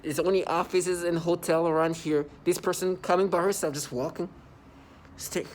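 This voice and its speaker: A man's voice: on the high side, steady tone, normal speed, a little hiss or hum. A man in a rambling, scornful monologue to his viewers, repeating himself and breaking into mocking laughter. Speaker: vlogger. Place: New York City.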